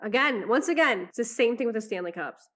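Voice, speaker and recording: A woman's voice: on the high side, animated, brisk, fairly bright tone. A woman giving disapproving, emphatic commentary. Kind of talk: casual reaction commentary.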